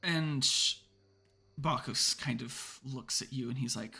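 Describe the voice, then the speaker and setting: A man's voice: medium pitch, slow pace, creaky, bright, forceful tone, slightly rough. A man narrating a tabletop horror game as game master, meandering with many hedges and fillers.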